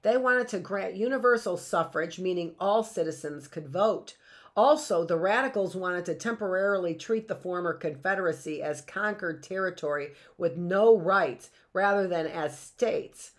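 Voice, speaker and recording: A woman's voice: fairly low pitch, normal speed. A middle-aged woman teaching a live history lesson, reading from notes and breaking off into chatty asides and rhetorical questions.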